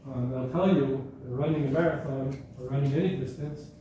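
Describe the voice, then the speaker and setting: A man with a dark, mid-range voice speaks at a moderate pace and fairly even intonation. As guest speaker at a school gathering, he gives a chatty, anecdotal talk in the hall, regularly revising sentences midway. The audio is echoey, distant from the mic, and carries faint background noise.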